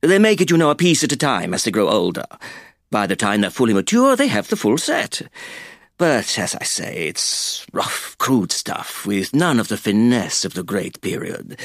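A man playing a drunk sea captain, sneering and contemptuous, wildly swooping pitch, dry close sound, audiobook. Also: no echo. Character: drunk bitter older male ship captain.

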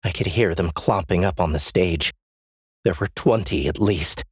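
A man's voice: low voice, normal speed, slightly rough, dry recording, clean studio sound. A man narrating a first-person story as an audiobook, in a tense, dramatic reading.

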